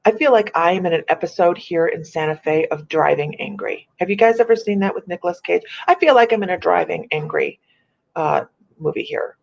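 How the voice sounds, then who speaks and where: A woman hosting a casual live-stream chat as a psychic medium, chatty and animated, laughing often. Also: fairly low pitch, brisk, vocal fry. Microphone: computer or phone on a live video stream. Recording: muffled lo-fi stream audio.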